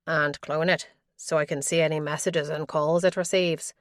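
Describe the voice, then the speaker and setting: A man's voice: fairly high pitch, level tone, normal speed, fairly bright tone, no echo, clean studio sound, natural voice. A woman voicing a direct, businesslike male detective in an audiobook. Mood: brisk. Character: plain-spoken male detective.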